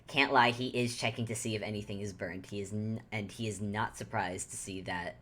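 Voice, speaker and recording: A woman casually narrating her character in a tabletop game, halting and chuckling. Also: a bass voice, steady tone, fairly bright tone, a little hiss or hum.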